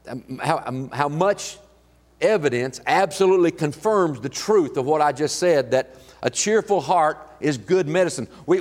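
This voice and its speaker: Folksy halting preacher in a reverberant church. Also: male voice, a little high. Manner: folksy, halting storytelling with many restarts. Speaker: pastor. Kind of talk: sermon. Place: church sanctuary.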